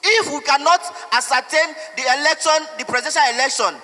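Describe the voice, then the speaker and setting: A young man with a Nigerian accent speaks in a very high, piercingly bright voice. He talks emotionally, pleading one moment and defiant the next. A long reverb trails behind his words. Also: fairly quick. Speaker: protester. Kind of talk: impassioned street statement.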